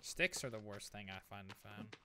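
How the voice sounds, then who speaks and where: A man's voice: on the low side, expressive, normal speed, background noise. A man hosting a let's play in casual gaming chat, bossing his teammates around. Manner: bossy, directing teammates.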